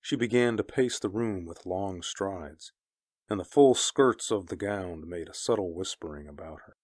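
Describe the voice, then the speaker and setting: A man narrating a story, reading in a grave and measured way. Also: sits low, darkish tone, no echo, clean studio sound. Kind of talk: scripted narration of pulp fiction.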